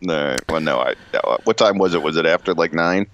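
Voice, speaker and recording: A man's voice: extremely low pitch, a little fast, fairly bright tone, slight background noise. A man co-hosting a podcast, casual comedic banter, rambling and self-interrupting with frequent laughs. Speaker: podcast co-host. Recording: dull lo-fi dry recording.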